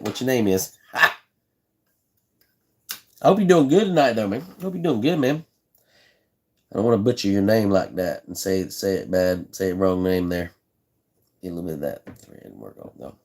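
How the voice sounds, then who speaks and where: A man's voice: on the low side, animated, brisk, pauses often. Laid-back man demonstrating a hands-on craft. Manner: chatty, repeats himself, talks to viewers in chat; laid-back, folksy phrasing. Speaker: livestream host building fishing rods. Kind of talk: casual live how-to demonstration.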